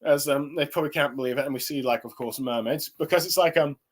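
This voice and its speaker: A man's voice: fairly high pitch, fast talker. A young man giving a casual spoken review, rambling with lots of fillers and restarts. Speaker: anime and manga reviewer.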